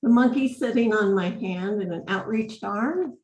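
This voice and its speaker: A woman's voice: medium pitch, normal speed, a little mellow, echoey room, rough recording. A woman participant sharing hesitantly in a group workshop.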